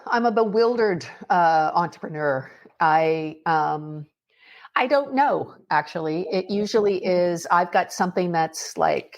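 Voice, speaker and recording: A woman, an author and speaker, talking as a podcast guest in a lively, storytelling way with frequent fillers. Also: on the low side. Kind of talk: casual podcast conversation.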